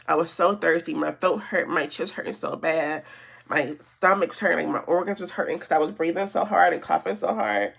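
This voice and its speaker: A woman's voice: fairly low pitch, a little fast, creaky, a bit bright, husky. A woman chatting casually while doing her makeup, telling a long story with lots of fillers and restarts. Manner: rambling storytelling with many fillers. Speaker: beauty vlogger. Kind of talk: casual get-ready-with-me chat.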